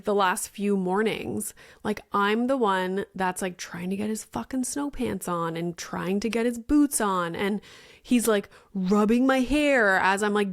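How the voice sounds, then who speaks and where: Woman in her 30s, chatty podcast host, says like a lot, swears casually, mid-pitched voice. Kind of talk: casual storytelling monologue.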